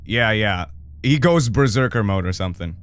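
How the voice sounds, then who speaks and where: A man streaming a party game with viewers, loud and laughing, swearing freely and swinging between shouts and mutters. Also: fairly low pitch, animated, normal speed, slight background noise. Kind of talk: casual gaming stream chat.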